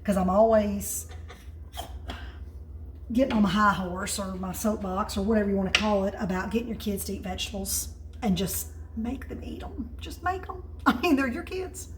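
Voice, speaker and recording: A woman's voice: medium pitch, normal speed, noisy background. Chatty woman cooking at home. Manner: chatty, excitable storyteller. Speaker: home cook host. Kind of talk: casual cooking video chat. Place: home kitchen.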